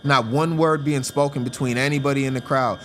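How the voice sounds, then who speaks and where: A man hosting a show, giving casual, joking commentary over video clips in an animated way and often laughing. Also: medium pitch, a little fast. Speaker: host.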